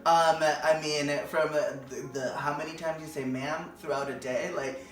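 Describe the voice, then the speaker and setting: A man's voice: a little high, fairly even intonation, measured pace, a bit bright. A man from the Caribbean co-hosting a casual chat, encouraging and laughing as he talks. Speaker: co-host, locs stylist. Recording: roomy, distant, busy background.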